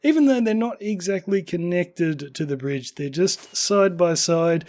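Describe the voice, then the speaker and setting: A man's voice: high-pitched, a little slow, a little mellow. A man hosting a casual game-building tour, tired and losing his voice, chatty and upbeat. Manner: chatty, upbeat, self-deprecating. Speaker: game building channel host. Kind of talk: casual gameplay tour commentary.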